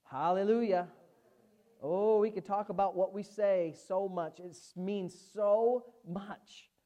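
A woman preaching a sermon, emphatic, swinging from hushed asides to loud, fervent exclamations. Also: medium pitch, takes it slowly.

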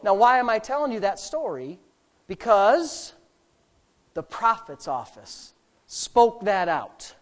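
A man preaching a sermon as a pastor, animated and sarcastic, swinging between loud, high bursts and quiet asides. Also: slow pace.

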